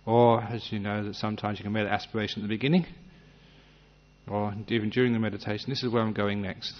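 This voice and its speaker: A man giving a gentle, humorous meditation talk, acting out little scenes as he teaches. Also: lowish voice, little pitch movement, fast talker. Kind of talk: dharma talk. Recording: dull lo-fi recording.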